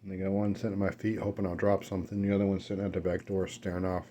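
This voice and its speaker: A man eats on camera at home near his dogs, a mukbang vlogger rambling through casual stories with fillers and corrections of himself. His low, mellow voice comes rapid-fire in a flat delivery, with slight background noise.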